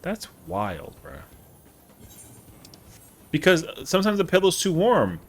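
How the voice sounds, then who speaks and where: A man's voice: high voice, sing-song, slow. A man streaming a game live, chatting casually with viewers in a rambling, slangy way. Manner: rambling, slangy, answers chat.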